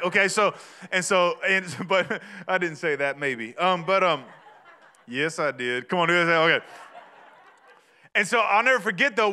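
A man, preaching a sermon in a chatty, storytelling way that rises to shouts. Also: high-pitched, clean tone. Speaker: pastor.

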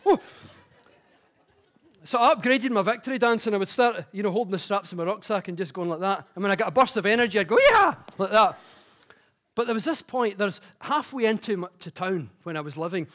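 A man speaks from a conference stage with a high, light voice. He explains ideas plainly, then slips into chatty, self-mocking stories told with growing energy. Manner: chatty, self-mocking storytelling that grows animated. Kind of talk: public talk with personal anecdotes. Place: conference stage before an audience.

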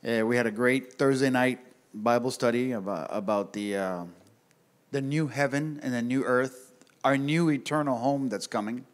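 A male pastor telling a story in a casual, animated way to a men's group at church, talking straight to his listeners. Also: mid-range voice, normal speed. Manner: animated, conversational, addresses the audience directly. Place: church gathering room.

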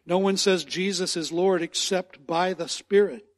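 A man's voice: high-pitched, steady tone, a little slow. A man preaching a sermon as pastor in a church, earnest and repeating key phrases for emphasis. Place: church sanctuary.

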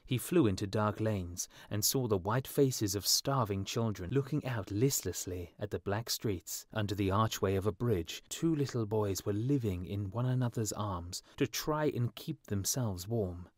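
A man reading a fairy tale aloud as a storyteller, in slow, clear scripted narration for English learners. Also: lowish voice, dry recording, clean studio sound.

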